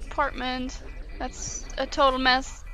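A woman's voice: sits high, flat delivery, takes it slowly, rough recording. A woman giving outspoken, emotional commentary while playing a video game, swearing freely. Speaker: let's play gamer. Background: game music.

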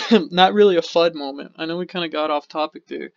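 A man's voice: on the high side, brisk, vocal fry, no echo. Rambling, profane podcast guy. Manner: rambling, profane, acts out quotes. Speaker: podcast co-host. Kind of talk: casual storytelling chat. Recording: dull lo-fi podcast audio.

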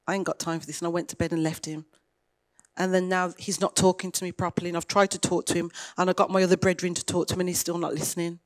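A woman pastor, preaching a sermon in a conversational way and retelling dialogue with lively emphasis. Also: lowish voice.

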